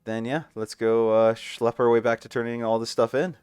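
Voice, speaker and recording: A man chatting casually with his wife while they play an online game at home, making wry deadpan jokes. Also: mid-range voice, normal speed, clean tone, dry recording, faint music behind. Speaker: gamer playing with his wife. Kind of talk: casual let's-play chat.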